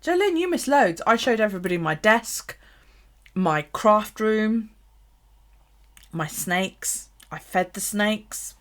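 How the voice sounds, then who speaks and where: A woman's voice: mid-range voice, expressive, takes it slowly, a bit bright. A woman hosting a late-night livestream, chatting casually, laughing often and swearing freely as she rambles. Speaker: bullet-journal livestream host. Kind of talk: casual live-stream chat.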